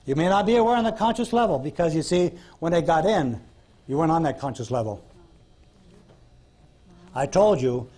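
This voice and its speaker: Guy lecturing a hypnosis class, kinda high voice, blunt and folksy, tells stories w/ dialogue. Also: dark tone. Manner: folksy, blunt storytelling, acts out dialogue with clients. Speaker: hypnosis instructor. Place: lecture room with audience.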